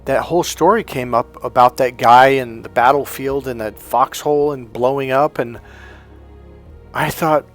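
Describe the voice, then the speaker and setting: A man's voice: medium pitch, normal speed, soft background music. A man working as a life coach, telling a personal story in a reflective, conversational way with restarts and fillers.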